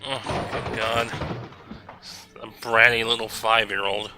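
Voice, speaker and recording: A man's voice: fairly low pitch, flat delivery, slow. A man commentating on a video game in a sarcastic, exasperated tone. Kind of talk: sarcastic let's play commentary. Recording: game music loud behind voice. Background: game music.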